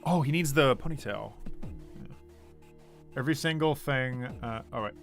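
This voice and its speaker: An artist streams himself drawing and chats casually with viewers, reading their comments aloud and laughing often in an animated way. He's a young man with a mid-range, creaky voice and a measured pace, with faint music in the background.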